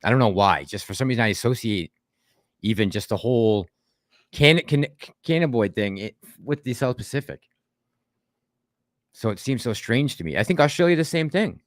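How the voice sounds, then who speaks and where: A man's voice: mid-range voice, lively intonation, normal speed, pauses often, dry recording, clean studio sound. A man hosting a casual livestream, chatting with a co-host and reading viewer comments aloud in a rambling way. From Boston. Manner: chatty, rambling, laughs often.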